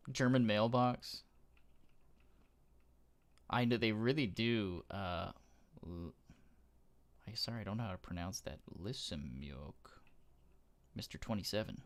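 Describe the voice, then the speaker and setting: A man giving casual gameplay commentary, gushing with awe and often trailing off into soft murmurs. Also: fairly low pitch, measured pace, long pauses. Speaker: gaming YouTuber.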